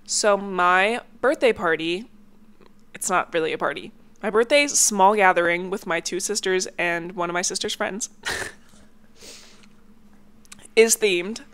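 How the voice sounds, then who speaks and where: A woman's voice: medium pitch, a little slow, pauses often, a bit bright. A young woman hosting a casual solo podcast, chatty and rambling with lots of filler words, a little congested. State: a bit congested. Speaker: podcast host. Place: home, near a hallway.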